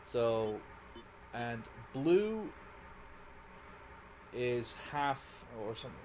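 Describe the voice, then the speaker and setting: A man's voice: medium pitch, big pitch swings, drawn-out words, noisy background. A Scottish man casually commenting on a live game stream, rambling and correcting himself as he plays. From Scotland. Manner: rambling, self-correcting, giggly.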